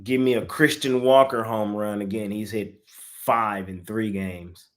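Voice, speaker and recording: A man's voice: on the low side, fairly even intonation, measured pace. A man co-hosting a casual sports betting show, laying out his picks with slangy, laid-back banter.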